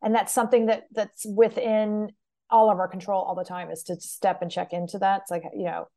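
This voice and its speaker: A woman's voice: mid-range voice, level tone, fairly quick, dark tone. A woman hosting an interview and coaching on media skills, affirming her guest and asking reflective questions. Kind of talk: conversational interview.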